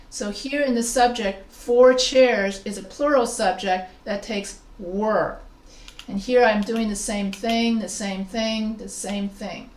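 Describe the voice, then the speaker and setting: Woman instructor, higher voice, classroom grammar lesson, heard from across a roomy space. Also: distant mic. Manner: talks through slides with fillers and self-corrections. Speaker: writing instructor.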